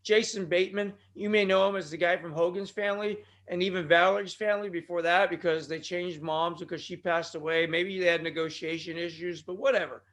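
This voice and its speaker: A man hosting his own podcast, rambling off on tangents with sudden loud outbursts, his throat bothering him today. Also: sits high, steady tone, fairly quick, hardly any pauses. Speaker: podcast host. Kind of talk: rambling solo podcast talk.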